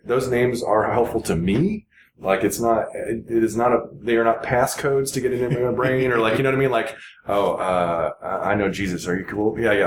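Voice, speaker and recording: Earnest, halting man in an echoey room. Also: medium pitch. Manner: earnest, rambling, halting with many restarts. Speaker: podcast guest. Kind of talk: casual podcast conversation. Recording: echoey room with noticeable background noise.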